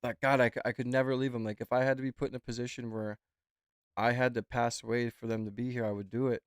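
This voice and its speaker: A man's voice: medium pitch, little pitch movement, quick pace, clean tone, no room sound. Male streamer, loose and profane, talks in circles, dry close mic. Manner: rambling, swears freely. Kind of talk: casual reaction chat.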